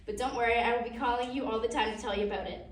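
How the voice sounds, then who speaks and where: A teenage girl reading a playful farewell tribute speech, quick and switching into German. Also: on the high side, fairly even intonation. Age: late teens. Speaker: student athlete giving a tribute. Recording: echoey hall, distant mic.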